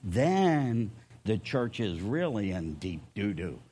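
An older man preaching a sermon in a folksy way, swinging between loud emphasis and quiet asides. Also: on the low side, sing-song, slow pace, husky. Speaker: pastor.

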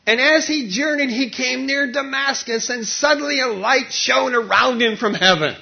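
A man's voice: very high voice, moderate pace, vocal fry. A male pastor preaching a sermon, telling a story animatedly with lots of repetition, on a dull, lo-fi recording.

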